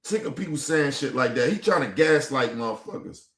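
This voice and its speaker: A man's voice: mid-range voice, lively intonation, a little fast, fairly bright tone. A man hosting a stream, reacting to a clip in a heated, profane rant full of repetition. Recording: echoey room.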